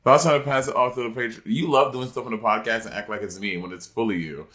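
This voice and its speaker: A man co-hosting a podcast, telling stories in lively casual chat with swearing. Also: medium pitch, fast. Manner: storytelling, animated, swearing. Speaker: podcast co-host.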